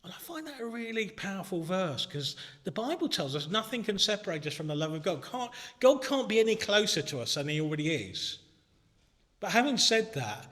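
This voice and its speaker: A man preaching a sermon in a church, earnest and conversational, ranging from hushed moments to shouting. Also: a little high. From Britain. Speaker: minister. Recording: long church reverb.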